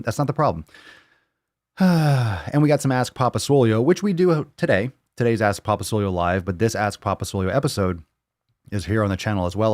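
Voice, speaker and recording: A man's voice: fairly low pitch, a little mellow, no room sound, studio quality. A man hosting a live fitness Q&A stream from home, ranting in a blunt, fired-up, profane way. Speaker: fitness show host. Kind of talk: live Q&A stream, casual rant. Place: home on a video call.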